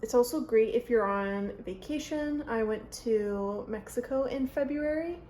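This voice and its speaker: A woman's voice: fairly high pitch, unhurried, dark tone, a little hiss or hum. A young woman chatting through a makeup tutorial at home, rambling and cutting herself off, recorded on a phone. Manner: chatty, rambling, self-interrupting. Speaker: beauty vlogger. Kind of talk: casual makeup tutorial chat. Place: home, by a mirror. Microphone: phone camera.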